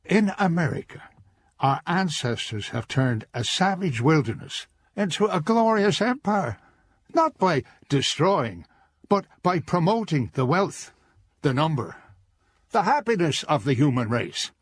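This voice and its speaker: An eloquent 18th-century orator. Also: male voice, fairly high pitch, sing-song, a little slow, breathy edge, heavily acted. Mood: orating. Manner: oratorical, declamatory.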